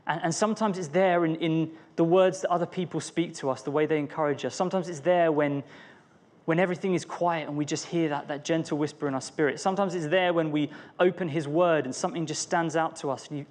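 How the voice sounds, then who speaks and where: A man's voice: a little high, darkish tone. A young man, speaking earnestly as a church speaker, telling a personal story in a reflective sermon. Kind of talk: personal testimony within a sermon.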